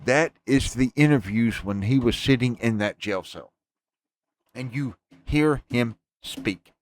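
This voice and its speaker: A man's voice: medium pitch, slow. A man hosting a podcast, talking emphatically in a casual, ranting way and swearing freely as he speaks to his listeners. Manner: addresses listeners as folks. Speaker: podcast host. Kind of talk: casual chat.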